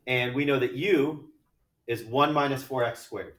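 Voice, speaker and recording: Chatty math teacher in an echoey classroom. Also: male voice, medium pitch, unhurried, a bit bright, distant mic. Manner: chatty, jokey, thinks aloud while working problems. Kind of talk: classroom lecture.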